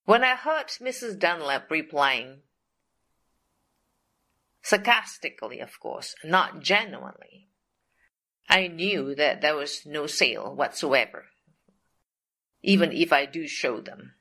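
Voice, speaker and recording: Slow, deliberate woman telling a testimony. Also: low-pitched, sing-song, pushed and bright. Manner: slow, deliberate, repeats phrases for emphasis. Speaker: storyteller. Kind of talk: personal faith testimony.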